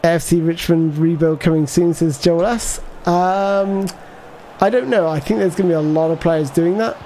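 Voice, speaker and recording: A man's voice: a little high, moderate pace, warm tone, a little hiss or hum. A man giving casual live commentary as he plays a football video game, thinking aloud and answering viewer chat. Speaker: gaming livestreamer.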